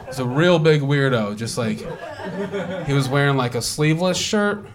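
A man doing stand-up in a comedy club at a middle pitch, telling his story drily and then bursting into loud put-on voices. A laughing crowd fills the room around him. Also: normal speed. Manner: deadpan storytelling with sudden loud impressions. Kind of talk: stand-up set. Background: audience laughter.

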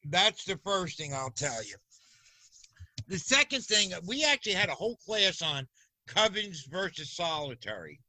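High, bright-voiced man telling teasing stories. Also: sing-song, normal speed, no room sound. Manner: playful, teasing, mimics others' voices. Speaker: guest, occult teacher and shop owner. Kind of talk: animated storytelling.

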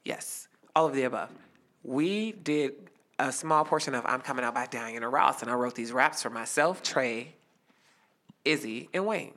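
A young man telling a lively story as a guest, acting out the quotes. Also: mid-range voice, moderate pace. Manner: animated, acts out quotes. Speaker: guest performer. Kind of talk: casual storytelling.

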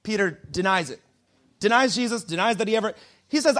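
A man with an unusually high voice preaches a sermon, retelling a story in loose, slangy everyday talk. He narrates with a relaxed, conversational manner. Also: a little fast. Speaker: pastor.

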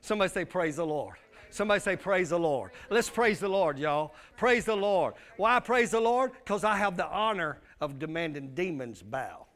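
A man's voice: sits high, lively intonation, normal speed, few pauses, fairly bright tone, soft background music. A male pastor, preaching a sermon with emphatic call-and-response.

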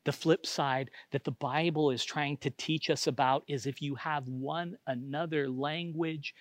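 A middle-aged man preaching a sermon as pastor, earnest, moving from loud emphasis down to hushed, almost whispered lines. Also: fairly high pitch, fairly even intonation, measured pace, no echo.

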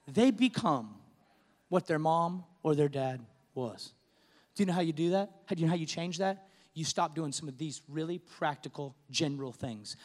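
A middle-aged man preaching a sermon as pastor, earnest and impassioned, at times rising to a shout. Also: on the high side. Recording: long reverb of a large hall.

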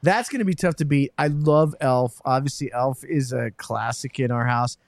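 Animated man hosting a casual chat. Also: mid-range voice, moderate pace, no room sound. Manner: animated, self-mocking storyteller. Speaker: podcast host.

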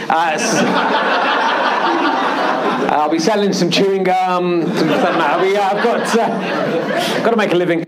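Gender: man. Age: 40s. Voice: high for a man. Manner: rambling, self-deprecating. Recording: noisy live theatre. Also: lively intonation, slow pace, long pauses, a loud crowd. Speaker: stand-up comedian. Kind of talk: live stand-up with ad-libs. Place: large theatre stage before an audience.

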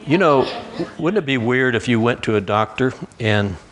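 A middle-aged man preaching a sermon in a church, telling stories with lots of restarts and lively quoted voices. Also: medium pitch, normal speed.

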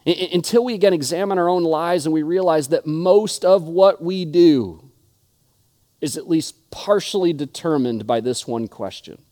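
A young adult pastor, his voice on the high side and dark in tone, preaches at a moderate pace. His sermon is earnest storytelling, punctuated by frequent restarts.

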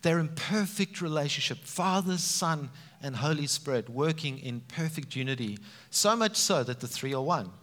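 A man preaching a sermon, animated and emphatic, with frequent rises for emphasis. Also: a little high, normal speed, hardly any pauses. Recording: reverberant hall sound.

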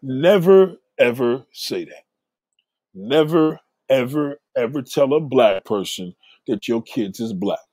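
Husky-voiced man, blunt and profane. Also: mid-range voice, expressive, takes it slowly, dark tone, dry recording. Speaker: vlogger giving advice. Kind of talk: casual monologue.

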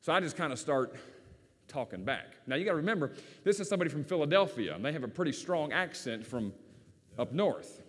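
A man's voice: fairly high pitch, animated, brisk, fairly bright tone. A man with a rural Virginia accent, preaching a sermon in a folksy, storytelling way. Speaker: pastor. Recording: long hall reverb.

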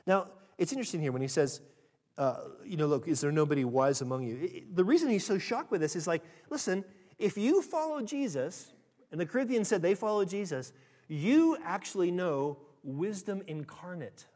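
A pastor preaching a conversational, animated sermon that swings between loud emphasis and soft asides. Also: male voice, high voice, normal speed.

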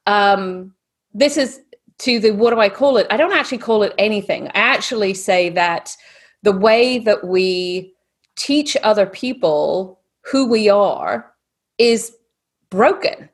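A woman with a blended British and Texan accent that sounds Australian, speaking as a podcast guest in a lively, animated way. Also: medium pitch, unhurried, breathy edge. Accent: mixed British and Texan, sounds Australian. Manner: lively, animated storytelling with put-on voices. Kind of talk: casual podcast interview.

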